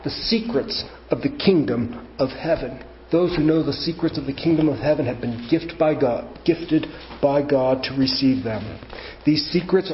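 A man's voice: sits high, slight background noise. A man preaching a teaching sermon, explaining step by step and rising to emphatic questions. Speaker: pastor. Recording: roomy, dull church recording.

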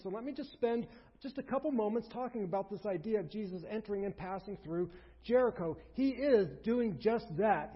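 A man's voice: high-pitched, husky. A man preaching a sermon as pastor, emphatic, driving his points home through repeated phrases. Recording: dull sound with long hall reverb.

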